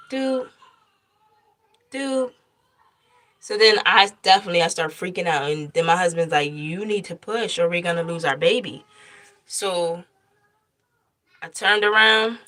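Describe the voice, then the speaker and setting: Bright, animated young mother storytelling. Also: on the low side. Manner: animated retelling, acts out quoted lines. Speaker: mother telling her birth story. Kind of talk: casual storytime vlog.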